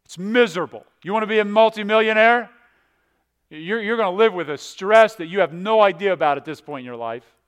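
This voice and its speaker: A pastor preaches a sermon in a high-sitting, smooth, expressive voice at a fairly quick pace. He swings between loud, emphatic passages and hushed ones, often repeating words.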